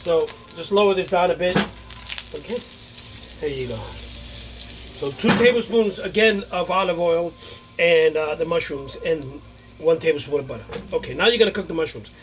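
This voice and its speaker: Man, fairly high voice, casual home cooking host, rambling with fillers, loud kitchen sizzle behind. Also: normal speed, long pauses. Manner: chatty, repeats himself, many fillers and okays. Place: home kitchen with sizzling pan and running water. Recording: noisy kitchen with sizzling pan. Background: frying sizzle and running water.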